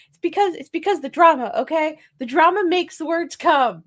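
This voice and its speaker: A woman's voice: very high voice, animated, normal speed, fairly bright tone. A young woman hosting a live writing stream, chatting casually, laughing often and restarting her sentences as she goes.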